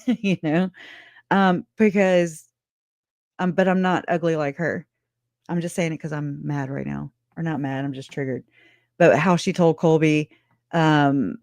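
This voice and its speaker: A woman's voice: on the low side, a little slow, dry recording. Sarcastic, laughing woman streamer, dry sound. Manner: animated, sarcastic, laughs often, swears freely. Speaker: true crime livestream host. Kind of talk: casual livestream commentary.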